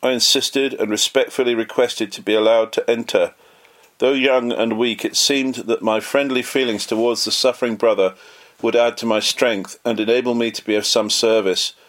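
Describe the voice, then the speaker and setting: A man reading a memoir aloud in an earnest, measured way, lightly voicing the quoted lines. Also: mid-range voice, fairly even intonation, a bit bright. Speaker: audiobook narrator.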